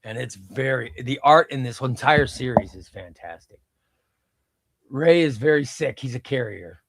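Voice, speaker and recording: A man's voice: medium pitch, a little slow, gravelly, a crowd in the background. A middle-aged man hosting a casual comic book livestream, rambling and reading chat aloud.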